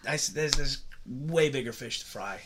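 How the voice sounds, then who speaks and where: A man's voice: medium pitch, normal speed, background noise. A man in his late twenties, a podcast guest in casual chat, talking candidly and emotionally and stumbling over repeated words. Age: late 20s.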